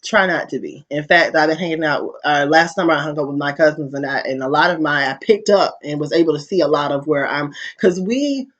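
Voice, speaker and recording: A man's voice: a little high, fairly quick, hardly any pauses, a bit bright. A man talking casually to his viewers in a candid, profane, storytelling way. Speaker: vlogger. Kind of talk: casual opinion monologue. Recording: dull lo-fi recording.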